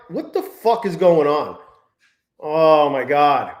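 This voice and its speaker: A man's voice: a little high, sing-song, takes it slowly. Man, live-stream trading commentary, profane, exasperated, greets chat, echoey room.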